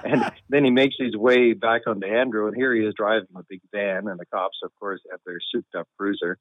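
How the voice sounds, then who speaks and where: A man recounts a story with wry, deadpan humor and easy chuckles. His voice sits low and dry. It comes through a thin, phone-like line. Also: a little fast, no echo. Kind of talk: relaxed anecdotal storytelling.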